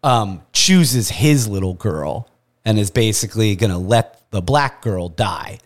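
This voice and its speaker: Animated, swearing man on a podcast. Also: fairly low pitch, unhurried. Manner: animated, profane, sarcastic. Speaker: podcast co-host. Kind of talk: casual movie review chat.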